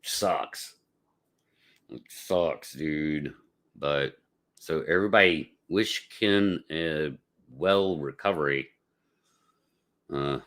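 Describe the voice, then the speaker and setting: A man's voice: a bass voice, fairly bright tone. A man hosting a casual live podcast, chatting with viewers in a rambling, laid-back way with lots of fillers. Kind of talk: casual livestream chat.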